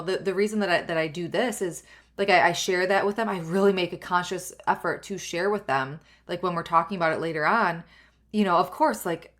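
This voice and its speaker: A young adult woman with a somewhat low voice hosts a solo podcast. She talks earnestly and rambles, circling back with fillers and restarts. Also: fairly bright tone. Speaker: podcast host.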